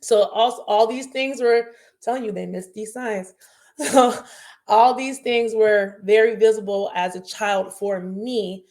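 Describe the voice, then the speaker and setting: A woman's voice: mid-range voice, steady tone, measured pace, darkish tone. A young woman who works in early child care, talking casually to parents in a candid, rambling way with many fillers and restarts.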